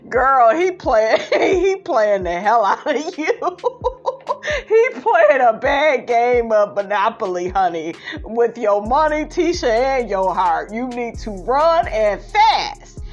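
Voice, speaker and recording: A woman's voice: on the high side, very animated, slow pace, lo-fi sound, faint music behind. A woman hosting a gossip commentary on reality TV, reading viewer comments in a sassy way and calling everyone honey. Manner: sassy, calls listeners honey, prone to laughing fits.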